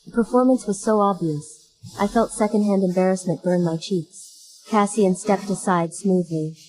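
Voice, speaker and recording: A woman narrating a first-person story in a steady, even manner. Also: mid-range voice, normal speed, soft background music, low-quality recording.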